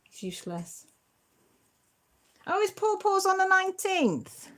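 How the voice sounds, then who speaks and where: A woman's voice: extremely high pitch, very animated, unhurried, fairly bright tone. A middle-aged woman, hosting a casual livestream and chatting and teasing as she answers viewer comments. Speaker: channel host.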